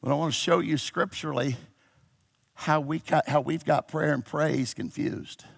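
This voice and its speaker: Delivering a sermon to his congregation, a preacher moves between shouted exhortation and quiet, intimate teaching. His gravelly voice has a breathy edge, a steady tone, and normal speed.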